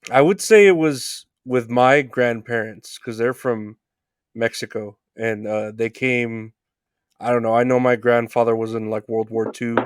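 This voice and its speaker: A man hosting a podcast, talking in a halting, soft-spoken way that trails off. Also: medium pitch, clear, resonant tone, no room sound. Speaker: podcast host. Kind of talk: casual conversation.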